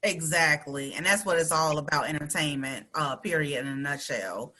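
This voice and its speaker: A woman's voice: sits low, normal speed, bright, forceful tone. A woman hosting a casual radio interview, playful and chatty, who laughs easily and talks in slang. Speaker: radio show host. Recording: online live-stream interview.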